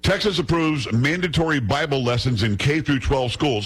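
Man hosting talk radio, husky tone, scornful and emphatic, mid-range voice. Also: mid-range voice, moderate pace, hardly any pauses, rough recording. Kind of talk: opinionated talk radio monologue.

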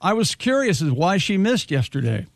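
A man's voice: high voice, big pitch swings, normal speed, creaky, no room sound. A man co-hosting a radio show, bantering and telling jokes. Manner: joking, playful.

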